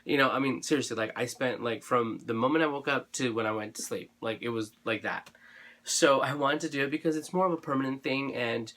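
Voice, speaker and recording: A craft channel vlogger chats casually to camera about his craft supplies, gushing and rambling with many fillers and restarts, his throat a little dry. His voice is medium-pitched, brisk, and fairly bright.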